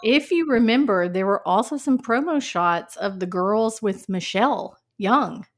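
A woman co-hosting a podcast in casual chat, chatty and quick to laugh. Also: medium pitch. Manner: slow, chatty, laughs easily. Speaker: podcast co-host. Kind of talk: casual chat about a dating show.

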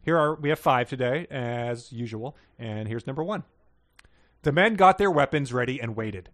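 A man's voice: mid-range voice, animated, normal speed. Man casually reading aloud on a podcast. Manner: reads passages plainly with small stumbles and chuckles. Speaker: podcast co-host reading listener submissions.

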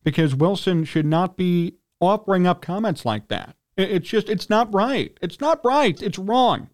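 A male sports radio host with a notably high voice launches into a heated, indignant rant. He talks like a man worked up about his team and keeps clearing his throat. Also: lively intonation, normal speed, a little mellow.

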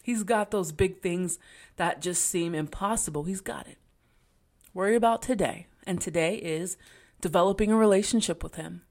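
A woman's voice: lowish voice, moderate pace, a little mellow. A woman hosting a faith podcast, talking in an earnest, encouraging way with casual slang. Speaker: podcast host.

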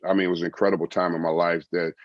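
Deep-voiced middle-aged male guest, earnest testimony, dry, slightly muffled sound. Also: flat delivery, racing, no echo. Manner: earnest storytelling, repeats phrases, quotes God and others. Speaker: guest, former baseball player and evangelist. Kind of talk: testimony in a podcast interview.

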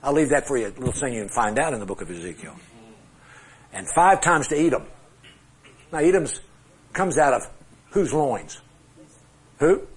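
Husky, lively male Bible teacher. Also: medium pitch, normal speed, pauses often. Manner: conversational, asks the class questions; self-deprecating humor. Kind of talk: classroom Bible lecture with charts.

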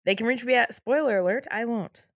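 A woman's voice: on the high side, fairly quick. A woman co-hosting a podcast, retelling episodes in a casual, laughing way. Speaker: podcast co-host. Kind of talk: casual recap chat.

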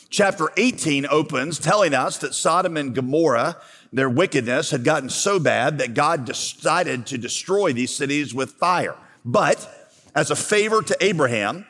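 A man's voice: fairly high pitch, a bit bright. A man preaching a sermon, retelling a scripture story and posing rhetorical questions to his listeners. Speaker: pastor. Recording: long hall reverb.

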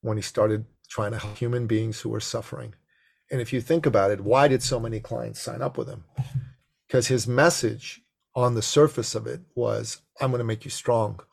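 A man guest telling a story in conversation, acting out the dialogue with animation and a gravelly voice. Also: mid-range voice, steady tone, moderate pace.

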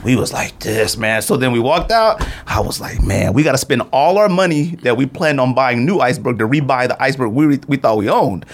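A man's voice: a little fast, few pauses, slight background noise. A man in his thirties from Arizona, hosting a podcast and telling a casual story, acting out the people he quotes. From Arizona, USA. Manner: animated storyteller acting out quotes with big pitch jumps. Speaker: podcast host.

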